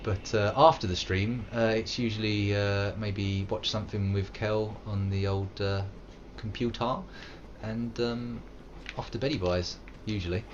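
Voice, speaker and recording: Here an Englishman in his thirties provides live gameplay commentary in a fairly low, fairly even voice, taking his time. His rambling, playful chat with viewers breaks into silly put-on voices, and the recording has its highs cut off plus a slight hiss or hum.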